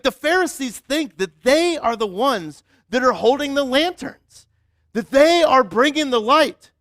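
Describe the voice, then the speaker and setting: A man preaching a relaxed, conversational sermon with a fairly high voice. He talks in a chatty way, full of "like" and quick restarts. The sound is close and dry. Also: no room sound. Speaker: pastor.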